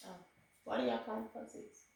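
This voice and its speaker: A woman's voice: fairly quick, a little mellow, a little hiss or hum. A middle-aged woman asking questions in a casual chat, blunt and teasing. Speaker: asks the questions. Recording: echoey room, from a distance.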